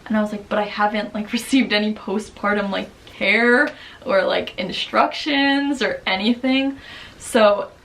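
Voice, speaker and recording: A young woman with a Long Island accent tells a personal story to camera in a casual, chatty way, full of "like" and quick quoted bits. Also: medium pitch, a bit bright, recorded from a distance, rough recording. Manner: chatty, many "like"s, quotes others in quick bursts. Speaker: vlogger.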